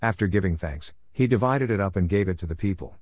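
A man reading Bible passages aloud in a steady scripted way, calling out the verse numbers as he goes. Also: sits low, fast talker, no echo, clean studio sound. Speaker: Bible reader.

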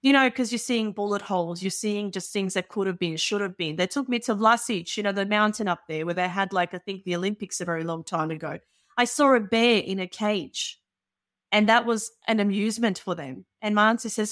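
This is a woman, talking as an interview guest. Her stories come out earnest and animated, often broken up with little "you know"s. Her pitch sits mid-range and the sound is close and dry. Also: fairly quick, no room sound. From Balkans. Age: 30s. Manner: earnest and animated, with many filler phrases. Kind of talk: candid personal storytelling.

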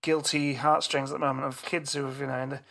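A middle-aged man on a podcast, telling a story in casual chat with animated, swearing delivery. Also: medium pitch, fast talker, creaky. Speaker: podcast co-host.

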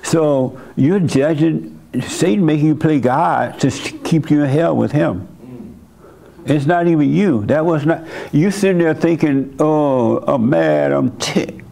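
His voice sits on the high side, gravelly and mellow, delivered at a measured pace. An older host and church leader, he counsels a congregation member with blunt, folksy spiritual advice and chuckles now and then.

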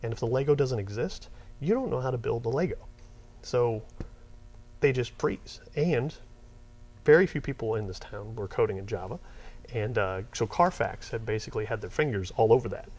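Animated, rambling middle-aged man. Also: mid-range voice, moderate pace. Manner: rambling, animated, gets worked up retelling. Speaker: interview guest, software company owner. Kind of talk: casual storytelling interview.

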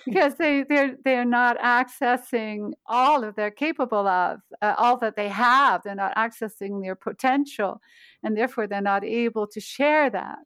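A woman's voice: fairly high pitch, moderate pace, fairly bright tone, smooth, dry recording. A woman voice coach guiding exercises patiently, demonstrating hums and chants. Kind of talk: guided voice exercises.

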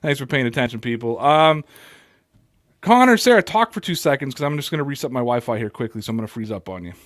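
A man's voice: mid-range voice, animated, fast talker, no echo, studio quality. A man with an American Italian accent hosting a casual live sports podcast chat, joking and poking fun at himself. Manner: joking, self-mocking. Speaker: podcast host.

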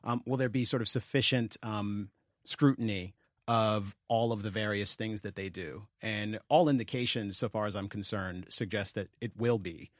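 A man on a podcast talking politics in a measured, analytical way, hedging with frequent ums. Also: on the low side, no room sound, studio quality. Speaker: podcast co-host. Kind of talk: casual political discussion.

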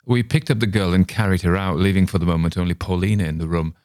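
Low dark-voiced man reading a horror story. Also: steady tone, quick pace, dry recording, clean studio sound. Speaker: host and reader.

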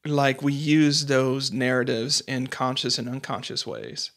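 A man's voice: medium pitch, measured pace, creaky, a bit bright. A man hosting a podcast interview, talking reflectively in a casual way and acting out the voices he quotes with small laughs. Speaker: podcast host.

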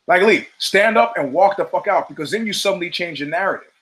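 Host, middle-aged man, slightly high voice; rambling profane storyteller who acts out his quotes. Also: expressive, fast, few pauses, a bit bright, low-quality recording. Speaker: show host. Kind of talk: casual monologue.

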